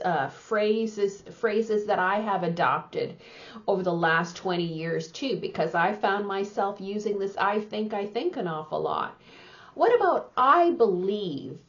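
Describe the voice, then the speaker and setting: A middle-aged woman coaching on how to speak, in a measured, emphatic teaching manner that often checks in with "okay?". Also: mid-range voice, lo-fi sound. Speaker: communication coach. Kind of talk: instructional talk to camera.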